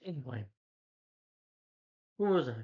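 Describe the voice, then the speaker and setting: A man's voice: fairly high pitch, animated, unhurried, muffled recording. A man who reviews movies, casually retelling a film's plot in a loose, rambling way with lots of "like" and "you know".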